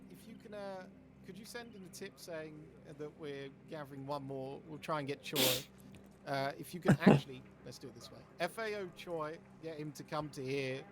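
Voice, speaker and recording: A man with a gravelly voice, playing a lawman in a western role-play. He organizes the group and gives clear instructions. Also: on the high side, normal speed, a crowd in the background. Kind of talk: in-character role-play chat.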